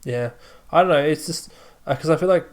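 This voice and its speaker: A man's voice: a little high, a little fast. A young man co-hosting a podcast, laid-back and joking in casual chat. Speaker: podcast co-host.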